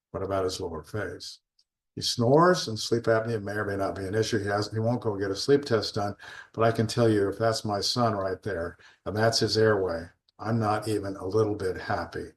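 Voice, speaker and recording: An older man, an orthodontist, giving an emphatic conference lecture on patient cases, full of restarts and rhetorical questions. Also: lowish voice. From United States.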